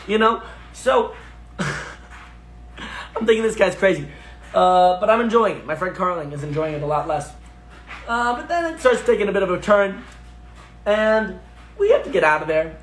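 A man hosting a livestream, chatting casually, playing songs and telling animated, self-deprecating stories. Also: high voice, normal speed, long pauses, roomy sound. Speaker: livestream host.

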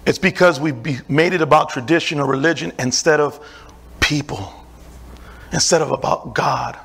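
A middle-aged man delivers a sermon as pastor. His voice sits high and sounds bright and forceful. He preaches in an emphatic, repeating cadence with loose conversational asides. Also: moderate pace, vocal fry, husky.

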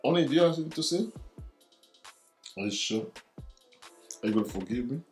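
Excitable man, lively pitch. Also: fairly quick. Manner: loud, excitable, broken English. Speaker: prank vlogger, husband. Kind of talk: casual prank vlog. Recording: echoey room with faint music.

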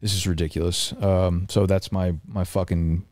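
A man's voice: sits low, little pitch movement, moderate pace, a little mellow, no room sound. A young man co-hosting a podcast, telling an exasperated, rambling story and swearing freely in a casual chat. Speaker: podcast co-host. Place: apartment room. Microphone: studio mic.

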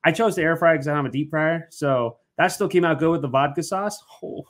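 A man's voice: fairly high pitch, brisk. A man co-hosting a casual podcast, talking in a laid-back, hesitant way. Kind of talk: casual chat.

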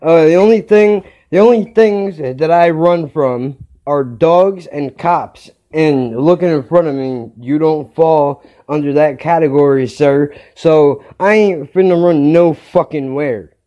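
A man's voice: a little high, measured pace, few pauses, mellow, highs cut off. A man hosting his own podcast, telling a story in a heated rant and swearing constantly. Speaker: podcast host.

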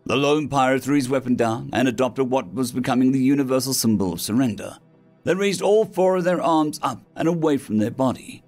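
A man narrating a science-fiction story in a dramatic, expressive reading style. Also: medium pitch. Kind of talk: scripted sci-fi story narration. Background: faint background music.

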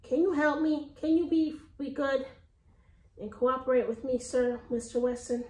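A woman's voice: sits high, level tone, normal speed, darkish tone. A woman, a dog breeder chatting casually and using sweet baby talk. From Texas. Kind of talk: casual vlog narration. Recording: echoey room with faint noise.

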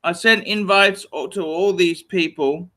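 Bright-voiced man in his forties, ranting. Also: sits high, unhurried. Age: 40s. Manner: rambling, repeats phrases, swears playfully; reads out donor messages. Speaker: livestream host. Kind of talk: casual livestream chat.

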